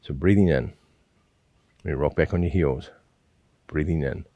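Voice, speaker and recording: Very deep-voiced male qigong teacher. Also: a little slow, warm tone, no echo. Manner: patient, repetitive coaching with frequent "yeah?" check-ins. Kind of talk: guided exercise instruction.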